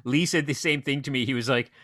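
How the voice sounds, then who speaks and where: Brief: man, theater operator, bright forceful tone, dry close sound, run-on storyteller. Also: medium pitch, no room sound. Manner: animated storyteller, quick run-on anecdotes. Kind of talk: casual podcast chat.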